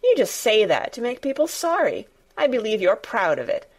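A woman voicing a stubborn, fierce-tempered young girl who speaks in a sharp, obstinate and blunt way. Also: fairly high pitch, huge pitch swings, normal speed, voice pushed up. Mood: sour.

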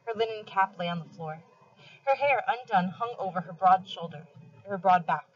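A woman reading a novel aloud for a class, with steady, expressive first-person narration and pauses for study questions. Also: medium pitch, muffled recording.

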